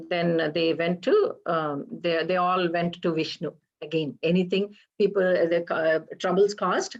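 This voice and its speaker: A woman with a lowish voice retells an old Hindu legend in a halting, explanatory way, checking in with her listeners as she goes. The recording sounds slightly dull and lo-fi. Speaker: storyteller for a temple program.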